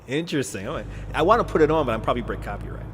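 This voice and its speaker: American guy rambling on a live stream, sarcastic, swears a lot, chuckles, roomy echo, steady noise behind. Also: medium pitch, rapid-fire. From United States. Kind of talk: casual rambling chat.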